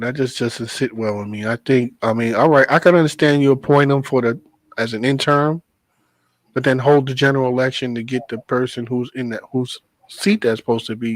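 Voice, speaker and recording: A man who drives a bus, chatting as host of a casual talk show. He tells his stories in an animated, profane way, acting out both sides of an argument. His voice sits at a middle pitch in a dry, close recording. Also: no room sound, low-quality recording. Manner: animated storytelling, swears freely, laughs. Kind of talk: casual chat.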